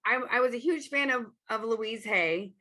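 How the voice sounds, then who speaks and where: Woman, host, enthusiastic, affirming, bright tone, slightly high pitch. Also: normal speed. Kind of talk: casual interview chat.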